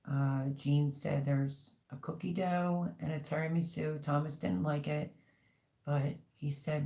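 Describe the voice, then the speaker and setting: A woman's voice: sits low, little pitch movement, normal speed, gravelly, a little mellow. A middle-aged woman hosting a casual livestream, chatting and reading out viewer comments with lots of ums. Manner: chatty, rambling, many ums. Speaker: livestream host.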